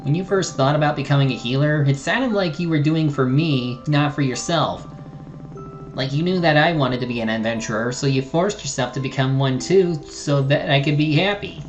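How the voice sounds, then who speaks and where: A woman's voice: deep voice, moderate pace, lo-fi sound, faint music behind, close to an everyday voice. A streamer reading an earnest young woman adventurer. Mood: apologetic. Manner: read aloud with small slips and restarts. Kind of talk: reading game dialogue aloud.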